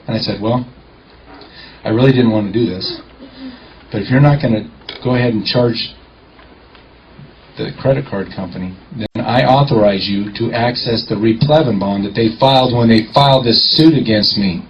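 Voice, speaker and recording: A man telling a lively courtroom-clerk story in a confident storytelling talk, acting out the dialogue. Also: lowish voice, normal speed, pauses often, a little hiss or hum. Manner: animated, acts out dialogue, confident. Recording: muffled lo-fi recording.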